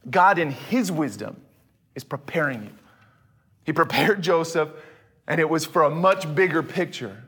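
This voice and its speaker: A man preaching a sermon, animated, often dropping to a hushed voice for emphasis. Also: fairly high pitch, measured pace, husky. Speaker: pastor.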